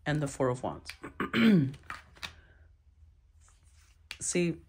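A woman giving a solo tarot reading, thinking aloud with sighs, restarts and throat clearing. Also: low voice, sing-song, extremely slow, a little mellow, a little hiss or hum. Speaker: tarot reader.

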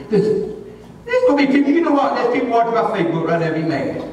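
A man preaching a sermon as pastor, an animated storyteller who laughs often as he talks. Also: extremely high pitch, quick pace, slight background noise. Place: church hall. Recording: echoey hall, distant mic, congregation audible.

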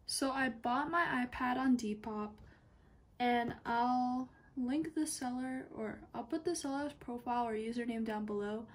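Excitable young woman unboxing, gushing. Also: fairly high pitch, a little slow. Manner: excitable, gushing, drops to whispers. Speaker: YouTuber. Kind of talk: unboxing vlog.

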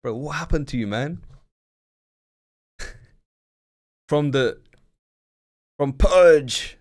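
A man's voice: mid-range voice, extremely slow. A young man streaming live, blunt and slangy, swearing freely as he chats with viewers. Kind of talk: casual live-stream commentary.

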